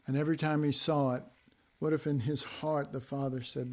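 A man preaching a sermon, swinging from hushed whispers to loud emphasis, with folksy, chuckling asides. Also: fairly high pitch, flat delivery, normal speed.

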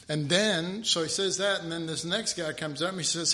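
A man's voice: fairly high pitch, normal speed, few pauses, sharp tone. A man preaching a sermon in a rambling, conversational way, restarting his sentences often.

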